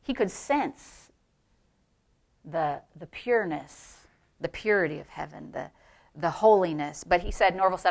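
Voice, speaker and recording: A middle-aged woman pastor preaching a sermon, swinging between loud, emphatic exclamations and hushed, near-whispered storytelling. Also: medium pitch, moderate pace.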